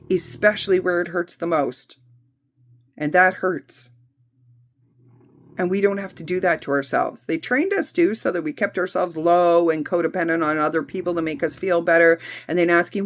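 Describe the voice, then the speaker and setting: A woman's voice: lowish voice, moderate pace. Emphatic woman giving a spiritual healing talk. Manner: emphatic, repetitive, blunt with occasional swearing. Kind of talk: spiritual self-help talk.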